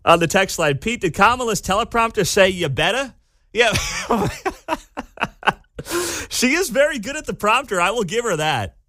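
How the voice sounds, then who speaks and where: Man, radio host, sarcastic, lively swinging pitch, bright tone, dry studio sound. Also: moderate pace, pauses often, no echo. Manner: sarcastic, incredulous. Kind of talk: opinionated talk radio commentary. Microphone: studio microphone.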